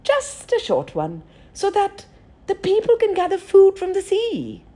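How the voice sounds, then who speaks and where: A woman's voice: wildly swooping pitch, measured pace, warm tone, heavily acted. Woman doing a sly coaxing trickster raven. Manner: coaxing, cheeky, high-pitched.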